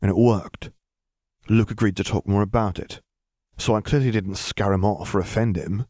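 A man's voice: on the low side, normal speed, warm tone, no echo, studio quality, natural voice. A man voicing an icy, defiant young man arguing with his father in clipped, cold retorts.

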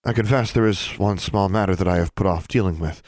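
A man voicing a stern, formal woman school dean who speaks crisply with a slight edge in a storybook reading. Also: sits low, brisk, darkish tone, no echo, studio quality, close to an everyday voice.

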